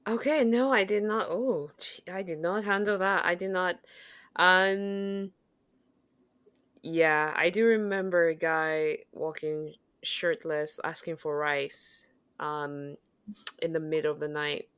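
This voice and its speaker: A woman's voice: fairly low pitch, slow, clear, resonant tone, dry recording. A young woman co-hosting a podcast, casually telling stories and acting out the voices of people in them. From Kenya or Zambia. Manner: animated storytelling, acts out quoted exchanges. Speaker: podcast co-host. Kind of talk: casual chat.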